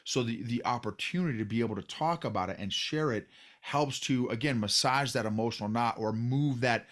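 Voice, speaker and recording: A middle-aged man hosts a casual podcast conversation. His voice is of ordinary pitch. He talks earnestly, often stumbling and starting his sentences again. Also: brisk, a bit bright. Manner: earnest, with frequent restarts and stammers. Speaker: podcast host.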